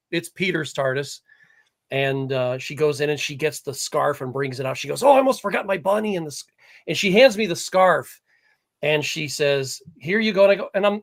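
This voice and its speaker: A man's voice: a little high, fairly bright tone. A man co-hosting a live podcast, telling rambling stories in casual chat. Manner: rambling, chatty storyteller. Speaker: podcast co-host.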